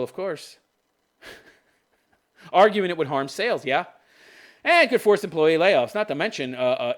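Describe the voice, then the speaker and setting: A man's voice: fairly high pitch, fairly bright tone. A man hosting a podcast, reading news items aloud and tearing into them with sarcastic, profane commentary and scoffing laughs. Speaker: podcast host.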